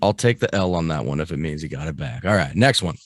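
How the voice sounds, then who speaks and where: A man's voice: rumbling low, animated, quick pace, dry recording. A man co-hosting a podcast news quiz in casual chat, swearing freely and laughing often as he teases his co-host.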